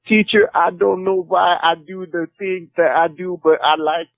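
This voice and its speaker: A man voicing an earnest male jiu-jitsu student who speaks in halting, broken phrases. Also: high voice, steady tone, gravelly, no room sound, pitched above the performer's own voice, poor audio.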